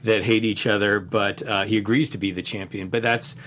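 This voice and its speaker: A man's voice: lowish voice, fairly even intonation, a bit bright, slight background noise. A man co-hosting a casual podcast, talking thoughtfully about a favorite scene. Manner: thoughtful, measured, with fillers. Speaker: podcast co-host. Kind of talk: casual chat.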